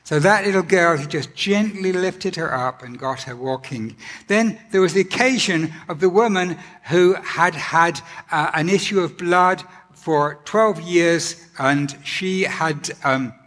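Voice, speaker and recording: A man preaching a sermon in an earnest, gentle way, often pausing with ums and restarting his sentences. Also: on the high side. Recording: long hall reverb.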